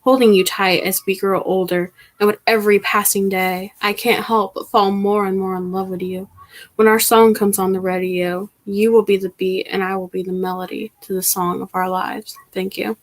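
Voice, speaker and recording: A young woman reciting her own poem at an online open mic, in a soft, steady delivery over a computer mic. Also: medium pitch, normal speed. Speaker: youth spoken word poet. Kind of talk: reciting poetry. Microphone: computer mic on a video call.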